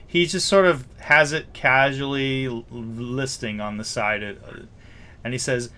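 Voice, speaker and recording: A man narrating a tabletop game as game master, describing scenes with many pauses and fillers. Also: mid-range voice, fairly even intonation, bright, forceful tone.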